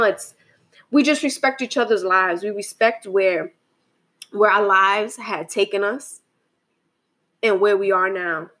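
A young adult woman with a medium-pitched voice rambles through a casual, reflective monologue. She restarts often, uses lots of fillers, and keeps asking "right?"

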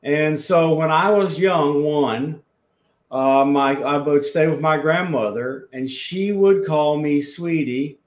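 A man with a South Alabama Southern accent, telling a story as a guest in an unhurried, rambling way. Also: a little high. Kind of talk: storytelling in a podcast chat. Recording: roomy echo.

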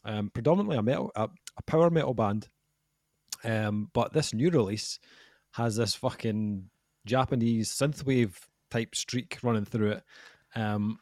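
Relaxed podcast host, lots of ums. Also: male voice, on the low side, a little slow, no room sound, clean studio sound. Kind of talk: casual chat.

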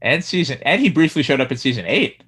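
A man's voice: mid-range voice, expressive, quick pace, a bit bright, husky. A man co-hosting a podcast in casual chat, trading easygoing banter and dry quips. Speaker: podcast co-host.

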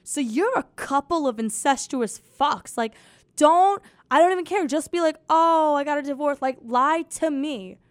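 A woman's voice: sits high, expressive, a little slow, no room sound. A young woman hosting a casual comedy podcast, sarcastic and swearing freely, mocking quotes in put-on voices. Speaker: podcast host.

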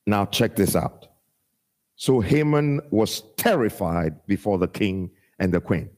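A man preaching a sermon, with a chanting cadence that climbs into shouts and then drops low and quiet as he quotes scripture. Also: expressive, measured pace. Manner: sing-song preaching cadence, rising to shouts and dropping low when quoting scripture. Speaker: pastor.

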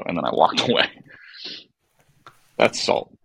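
A lower-pitched man with a bright, forceful tone tells stories on a podcast in a profane, exasperated style. The mic is close and the sound is dry. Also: normal speed, gravelly, pauses often, breathy edge, dry recording, poor audio. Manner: animated, profane, exasperated storytelling. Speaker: podcast co-host, former baseball player. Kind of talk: casual podcast storytelling.

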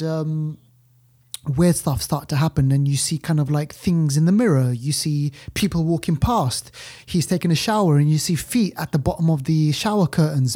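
A man hosting a film podcast in loose, animated chat. His voice is mellow and relaxed. He rambles through a story with plenty of restarts. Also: on the high side. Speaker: podcast host, film reviewer. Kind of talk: casual chat.

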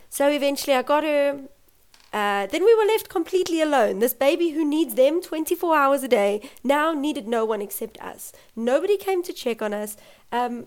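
A young adult woman telling her own birth story in an emotional, personal way, laughing often and acting out what others said. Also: a little high. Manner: emotional, laughs often, acts out quoted voices.

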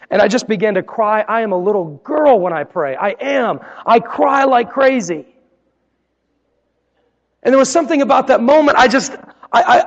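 Earnest high-voiced male preacher in a hall. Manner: earnest, personal storytelling with dramatic quiet drops. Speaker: pastor. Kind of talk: sermon.

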